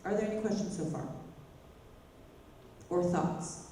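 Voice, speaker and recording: A woman's voice: on the low side, animated, measured pace, mellow. Woman voice teacher, casual and chatty, sings short demos; roomy hall sound with some faint noise. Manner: chatty, demonstrates by singing phrases. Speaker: vocal coach. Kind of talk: teaching a worship singing class. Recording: echoey hall, mic from far off, faint noise.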